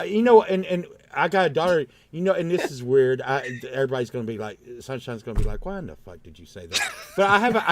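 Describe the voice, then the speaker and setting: A man co-hosting a casual livestream chat, telling stories with lots of energy, swearing freely and acting out the lines of the people in them. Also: a little high. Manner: animated storyteller, swears freely, acts out quotes. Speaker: co-host.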